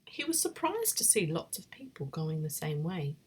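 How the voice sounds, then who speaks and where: A woman reading a bedtime story in a soft, breathy whisper. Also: low-pitched, sing-song, moderate pace.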